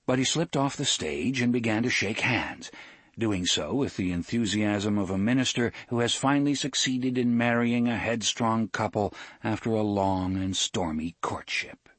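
A man narrating an audiobook in a measured, expressive storytelling manner. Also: fairly low pitch, no echo. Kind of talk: scripted narration.

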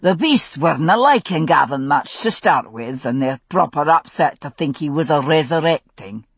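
A woman voicing a gruff older Scottish man with a Scottish accent, low and wry, hushing the horses. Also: animated, moderate pace, no echo, exaggerated voice.

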